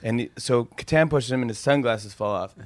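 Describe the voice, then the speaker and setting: A man, a comedian and TV host, telling animated stories and laughing often in a casual interview. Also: mid-range voice, fairly quick, no echo.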